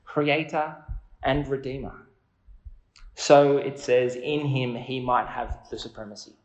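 A man's voice: mid-range voice, fairly even intonation, takes it slowly, reverberant, rough recording. A man preaching a sermon in an earnest, conversational way, asking his listeners questions.

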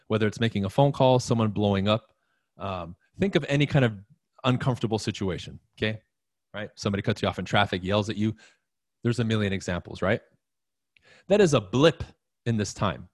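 A man's voice: fairly low pitch, no echo, clean studio sound. A man giving a casual, emphatic motivational talk to an audience, repeating key phrases and asking them questions. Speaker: motivational speaker.

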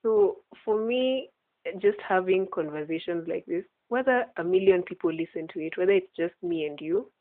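Speaking at a moderate pace in an expressive, rather low voice, a female faith podcast host talks earnestly in casual conversation with frequent laughter. The audio is a dry, tinny phone line with no room sound.

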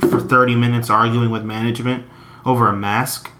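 A man's voice: mid-range voice, little pitch movement, a little fast, noisy background. A man chatting casually, talking earnestly with many fillers and restarts. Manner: hesitant, filler-heavy, earnest. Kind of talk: casual chat.

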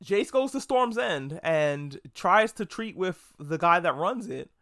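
Excitable, cursing man reviewing a show. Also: high-pitched, slow, no echo, clean studio sound. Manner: excitable, profane, rambling. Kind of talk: casual video review.

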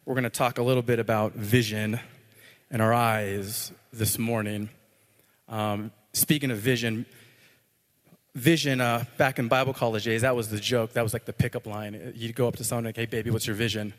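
In a church with a long hall reverb, a man preaches a sermon as pastor. His voice is mid-range with fairly even intonation and a moderate pace, and he shifts from playful joking asides to earnest prayer.

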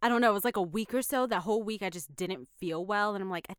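A woman's voice: mid-range voice, fast talker, smooth. A young woman co-hosting a podcast, telling a story in casual chat, laughing often and filling her talk with "like". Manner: chatty, laughing storyteller, lots of "like". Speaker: podcast co-host.

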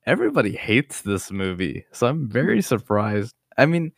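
A man's voice: fairly low pitch, moderate pace, vocal fry, slightly rough, dry recording, studio quality. A young man co-hosting a podcast, chatting casually about films with crude jokes. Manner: animated, joking, crude humor. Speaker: podcast co-host. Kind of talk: casual chat.

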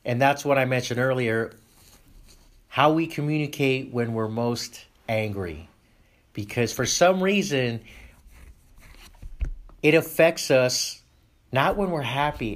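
A man hosting a group talk for dads, animated and acting out examples with shifting tone. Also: medium pitch, slow pace, long pauses. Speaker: discussion host for fathers. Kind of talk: group discussion.

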